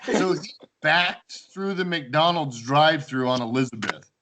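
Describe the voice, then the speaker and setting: A man telling old house-party stories in a casual chat, animated, acting out quoted lines and laughing often. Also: fairly high pitch, measured pace, very noisy. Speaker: storyteller among old housemates.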